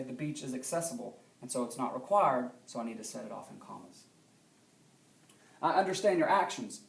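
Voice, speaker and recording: A male teacher giving a recorded grammar lesson in a classroom, explaining steadily and often checking understanding with a quick question. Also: medium pitch, creaky, darkish tone, reverberant.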